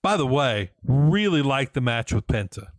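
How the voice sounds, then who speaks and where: A man's voice: medium pitch, sing-song, normal speed, no room sound. Enthusiastic man in casual podcast chat. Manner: enthusiastic, emphatic. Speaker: podcast co-host.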